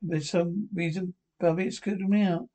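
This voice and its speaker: A man's voice: sits high, fairly even intonation, normal speed, dark tone, close to an everyday voice. An actor with a Scottish accent playing a chatty older male pensioner who tells a story in a dry, wry way. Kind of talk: sitcom acting.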